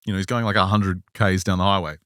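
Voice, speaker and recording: A man's voice: low voice, fast talker, smooth, no echo, clean studio sound. A man, a bit under the weather, co-hosting a podcast and telling a strange story in casual chat. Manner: lively, laughs often while telling. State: a little sick. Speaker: podcast co-host.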